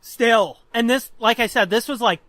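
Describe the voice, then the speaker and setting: A man in his twenties co-hosting a podcast, telling stories in an animated, profane way and laughing often. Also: very high-pitched, normal speed, dry recording. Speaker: podcast co-host. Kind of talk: casual chat, storytelling.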